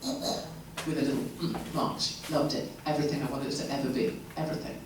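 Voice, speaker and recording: A woman from England with an English accent, giving a chatty, animated Q&A talk to a live audience with laughing asides. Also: rumbling low, fairly quick, very noisy. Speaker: guest speaker. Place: event hall. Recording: echoey hall, mic far off.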